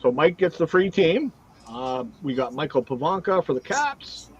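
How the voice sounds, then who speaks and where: A man's voice: fairly high pitch, moderate pace, slightly rough, highs cut off. A man hosting a casual livestream card break, reading out cards and teams one after another. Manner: reads out cards and teams in a steady run.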